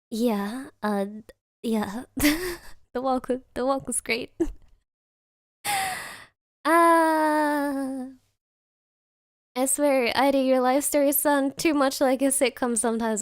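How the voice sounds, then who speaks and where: Giggly high-voiced young woman streamer. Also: takes it slowly, long pauses, no echo, studio quality. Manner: giggly, rambling, reads chat aloud. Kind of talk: casual chat with live chat.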